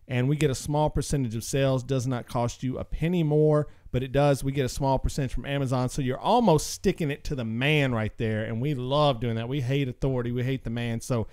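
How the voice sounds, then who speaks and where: Male podcast host, jokey pitchman delivery, mid-pitched, clean resonant voice. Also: a little mellow, smooth, no room sound, clean studio sound. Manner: upbeat, joking salesman patter. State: slightly out of breath. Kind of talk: casual show plugs and announcements.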